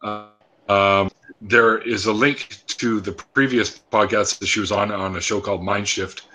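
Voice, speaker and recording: A man's voice: fairly low pitch, fairly even intonation, measured pace, bright, forceful tone, faint music behind. A man hosting a casual podcast chat, speaking hesitantly with many fillers. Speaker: podcast host.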